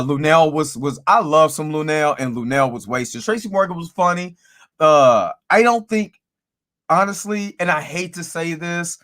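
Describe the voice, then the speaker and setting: Rambling man giving a casual movie review. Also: on the high side. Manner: rambling, animated, repeats himself, many fillers.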